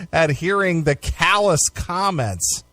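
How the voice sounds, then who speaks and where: A man's voice: a little high, animated, slow pace, bright, forceful tone, dry recording. A man co-hosting a talk radio show, reading news stories aloud and dropping sarcastic asides between laughs. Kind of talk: casual talk radio banter.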